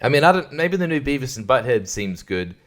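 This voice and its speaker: A man's voice: medium pitch, big pitch swings, a little fast. A man hosting his own podcast, rambling crudely in a casual solo rant and laughing often. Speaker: podcast host.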